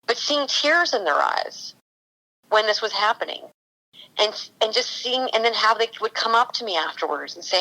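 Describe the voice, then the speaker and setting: A woman's voice: fairly high pitch, lively intonation, normal speed, sharp tone, low-quality recording. A woman working as a cannabis consultant for a TV show, talking enthusiastically in a casual podcast interview. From California. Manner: enthusiastic, storytelling.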